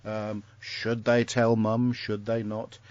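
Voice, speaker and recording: A man with a low-leaning, slightly mellow voice speaks slowly and in a monotone, with no room sound. Hosting a podcast at home, he recaps an episode in a rambling, jokey way full of fillers, and the audio is dull, dry and lo-fi.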